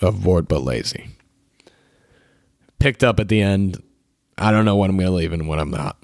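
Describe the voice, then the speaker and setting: A hoarse young man hosting a solo podcast from his bedroom, ranting in a frustrated, profane way and mocking others in put-on voices. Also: on the low side, no room sound, studio quality. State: sick and tired, hoarse.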